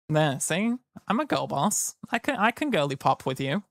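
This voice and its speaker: A man's voice: fairly high pitch, very animated, moderate pace, vocal fry, few pauses, fairly bright tone, no echo, clean studio sound. A tired man chatting casually to his live-stream audience, rambling and joking. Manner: rambling, jokey, slips into silly voices. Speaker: livestreamer.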